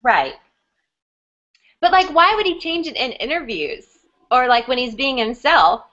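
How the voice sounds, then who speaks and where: A woman's voice: high-pitched, very animated, measured pace, bright, forceful tone. A young woman co-hosting a casual live-stream fan chat, wry and joking, a bit worn out and unwell. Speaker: co-host of a fan chat show. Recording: dull lo-fi webcam audio.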